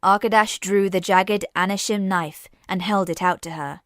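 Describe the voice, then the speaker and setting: A woman narrating a sci-fi story in a measured, dramatic reading. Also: mid-range voice, steady tone, no echo, studio quality. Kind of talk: scripted audiobook narration.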